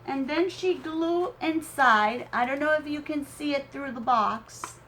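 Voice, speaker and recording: A woman's voice: sits high, fairly bright tone, a little hiss or hum. A woman hosting a crafting channel, opening a swap gift and gushing over it with teary gratitude and awe. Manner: gushing, slow and tearful with awe.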